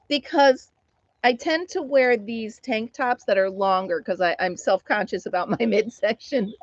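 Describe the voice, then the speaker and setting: Middle-aged American woman, live-stream host; chatty and giggly, slightly high voice, muffled dry audio. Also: measured pace, no room sound. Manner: giggly, laughs often while telling a story. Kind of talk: casual chat reading viewer comments.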